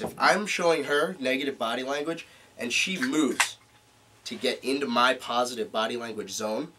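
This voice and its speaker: Man, seminar presenter, animated, demonstrates tones, distant mic, faint room noise. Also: mid-range voice. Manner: animated, demonstrates vocal tones while explaining. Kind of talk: live seminar talk to a small group. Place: meeting room.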